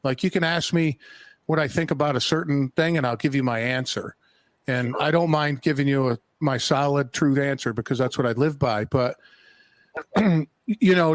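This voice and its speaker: A man's voice: medium pitch, no room sound. A talkative, easygoing man from Colorado, chatting as a podcast guest. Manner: easygoing, talkative, laughs often. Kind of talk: casual podcast chat.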